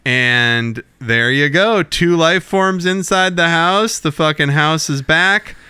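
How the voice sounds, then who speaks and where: A man co-hosting a podcast, retelling an episode in animated, profane casual chat. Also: on the high side, slow pace, clean tone, dry recording. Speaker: podcast co-host.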